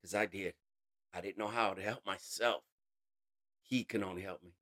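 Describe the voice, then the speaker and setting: A man giving an emotional personal testimony in an interview, earnest, calling the listener bro, voice rising high and dropping to a hush. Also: steady tone, normal speed. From United States. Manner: swings between raised intensity and hushed quiet. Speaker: interview guest.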